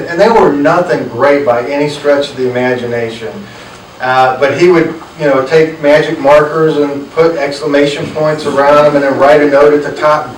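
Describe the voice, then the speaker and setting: A man's voice: mid-range voice, slight background noise. Storytelling man. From North Carolina. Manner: earnest, anecdotal, acts out quoted dialogue. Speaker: author. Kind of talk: storytelling talk to an audience. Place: room with a live audience. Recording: roomy, from a distant mic.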